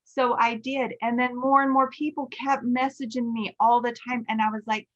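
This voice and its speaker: Her voice runs a little high, at a moderate pace with few pauses, and the sound is lo-fi. She's a nail instructor in her forties hosting a podcast, retelling a story candidly and with animation in a casual storytelling chat. Along the way she voices her own self-talk.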